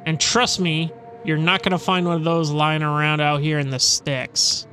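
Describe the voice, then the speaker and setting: A man's voice: fairly high pitch, little pitch movement, normal speed, pushed and bright, a little hiss or hum, voice pushed down. A man reading out a brusque, weary female harbor guild clerk from a game, grumbling wryly. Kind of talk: reading game dialogue aloud.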